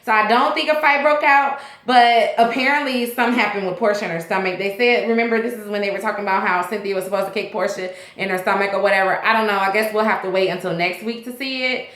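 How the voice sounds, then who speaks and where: A woman's voice: mid-range voice, steady tone, fast, hardly any pauses, a bit bright, roomy sound. A woman hosting a casual vlog that recaps a TV episode, talking in a rambling, chatty way with lots of fillers. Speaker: TV show reviewer, vlog host.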